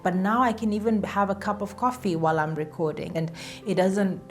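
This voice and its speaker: A woman's voice: medium pitch, fairly quick, faint music behind. A woman talking casually to camera as a vlogger, chatty and self-deprecating, repeating phrases for emphasis. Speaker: YouTuber.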